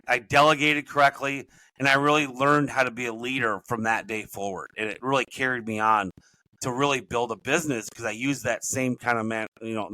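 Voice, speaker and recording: Man, middle-aged, podcast guest, bright forceful voice, rambling, self-correcting, dry close recording. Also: mid-range voice, no room sound, poor audio. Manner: rambling, self-correcting, animated when telling stories. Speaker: podcast guest, author and business coach. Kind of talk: casual storytelling interview.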